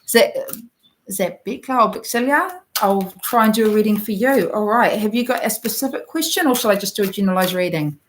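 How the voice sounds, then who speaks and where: A woman from New Zealand with a soft New Zealand accent, doing a live oracle card reading for her viewers. She talks gently and encouragingly, straight to the listener, with frequent ums and unhurried pauses. Her voice sits at an ordinary middle pitch. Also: a little hiss or hum, rough recording. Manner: gentle, encouraging, addresses the viewer directly with many fillers.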